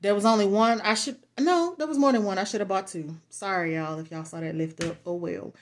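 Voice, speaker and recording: A woman's voice: mid-range voice, a little fast, slight background noise. A woman vlogger chatting casually through product reviews, blunt and frank, cussing freely and laughing often. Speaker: beauty and lifestyle vlogger.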